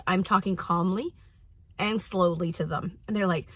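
A woman's voice: mid-range voice, normal speed, fairly bright tone, slightly rough, no room sound. A woman in her forties, a parenting coach and mother, giving casual, earnest advice with frequent restarts while at a track practice.

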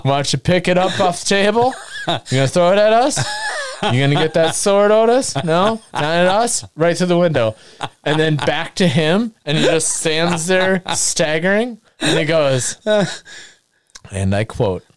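Man, storyteller. Animated, acts out quotes, laughs a lot. Slightly high, very lively pitch. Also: a little slow, clean tone, dry recording. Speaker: podcast guest storyteller. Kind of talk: casual storytelling chat.

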